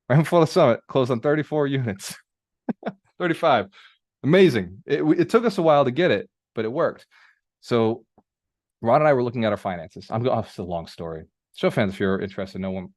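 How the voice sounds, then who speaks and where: On a live coaching call, a business mentor with a mid-range voice tells stories to a group in a casual, animated, conversational way, swearing now and then and prompting listeners with repeated phrases. He uses a video call microphone, yet the sound is clean, studio-like and free of room sound.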